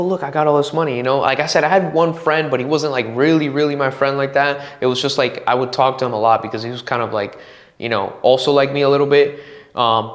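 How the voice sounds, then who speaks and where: A man's voice: medium pitch, a bit bright. A man in his twenties hosting a solo podcast, telling a rambling, profanity-heavy story and acting out his own quotes. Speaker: podcast host. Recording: roomy echo.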